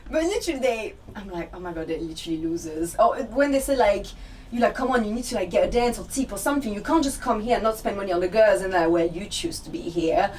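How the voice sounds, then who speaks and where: A woman's voice: medium pitch, expressive, fast talker, darkish tone. A woman guest talking bluntly and candidly in a casual interview, often laughing and acting out what others said. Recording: distant mic with faint ambient noise.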